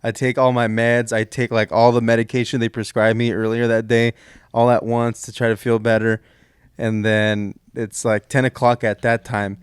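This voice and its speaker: A man's voice: mid-range voice, little pitch movement, clear, resonant tone, no echo, studio quality. Rambling young man telling a story. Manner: rambling, halting, many restarts. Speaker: podcast co-host. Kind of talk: casual comedic storytelling.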